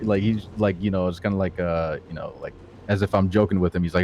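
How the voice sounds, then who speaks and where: A man's voice: fairly low pitch, fairly quick, a little hiss or hum. A man in a roleplay who tells his side of events in a rambling, casual way and swears a lot. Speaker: accused client in roleplay. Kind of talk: in-character roleplay storytelling.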